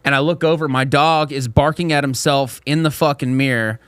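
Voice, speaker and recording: A man's voice: medium pitch, steady tone, brisk, fairly bright tone, smooth, dry recording, clean studio sound. A man co-hosting a podcast in casual chat, crude and laughing, acting out voices as he tells stories. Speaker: podcast co-host.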